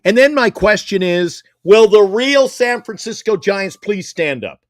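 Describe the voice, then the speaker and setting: Brief: heated male sports talk co-host, high and lively voice, dry close sound. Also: a little slow, no echo. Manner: emphatic, heated, swears.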